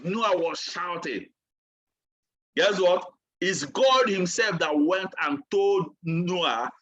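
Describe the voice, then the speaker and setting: A man's voice: high voice, expressive, slow pace, fairly bright tone, muffled recording. A man giving a motivational training talk like a sermon, emphatic and repetitive. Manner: emphatic and repetitive, asks for water mid-talk. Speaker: trainer and speaker.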